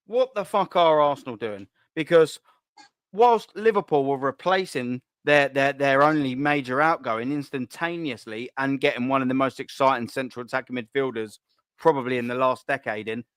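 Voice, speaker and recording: A man's voice: medium pitch, normal speed, clean tone, no echo, studio quality. A man hosting a fan show, ranting angrily, swearing and firing off repeated questions. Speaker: host. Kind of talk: heated fan rant.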